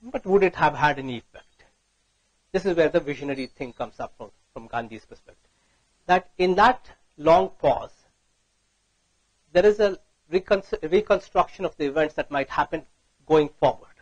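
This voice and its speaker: A man's voice: a little high, moderate pace, pauses often, husky, dry recording, poor audio. A man giving a conference talk, telling a story and often checking in with "right?". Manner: storytelling, frequent "right?" tag questions. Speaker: speaker.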